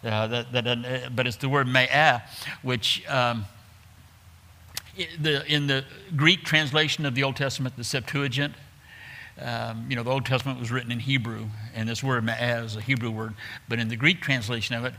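Bright-voiced man preaching a Bible sermon. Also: mid-range voice. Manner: conversational teaching with frequent restarts, reading scripture aloud. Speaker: pastor.

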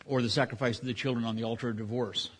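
Middle-aged male pastor, sermon, chatty, self-interrupting, mid pitch. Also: fairly even intonation, racing, breathy edge. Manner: conversational, with frequent restarts and asides.

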